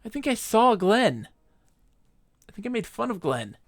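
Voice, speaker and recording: A man's voice: sits high, big pitch swings, a little slow, no echo, studio quality. A man streaming himself playing a space game, chatting casually in a goofy, playful, rambling way. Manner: goofy and playful, chanting silly repetitions; rambling, self-deprecating asides. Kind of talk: casual live-stream commentary.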